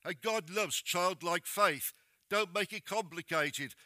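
High, bright-voiced male preacher. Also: slow, dry recording. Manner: plain-spoken, direct exhortation to the congregation. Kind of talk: sermon.

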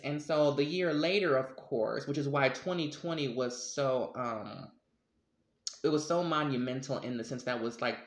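A man co-hosting a casual podcast chat, talking in an animated, emphatic way with slang and frequent laughs. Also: medium pitch, reverberant. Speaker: podcast co-host.

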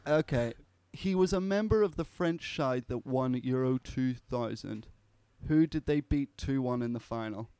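A man's voice: mid-range voice, measured pace, few pauses, mellow, clear, resonant tone, no room sound. A man acting as quizmaster on a podcast, reading questions in a laid-back way. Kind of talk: casual chat.

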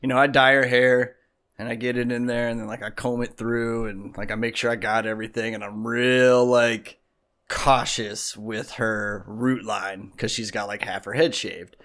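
Man, podcast co-host, casual rambling chat, many fillers, mid-pitched voice. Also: fairly even intonation, normal speed, fairly bright tone.

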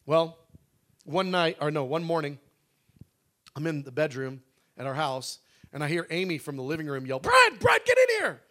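A middle-aged man telling a testimony in a conversational sermon. He is animated, acts out the dialogue, and often restarts his sentences. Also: fairly high pitch, moderate pace, pauses often.

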